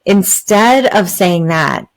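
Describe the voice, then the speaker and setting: Female podcast host, slightly low pitch, earnest and explanatory, filler-heavy spiritual talk. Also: animated, slow, poor audio. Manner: earnest, many fillers and "right?" asides.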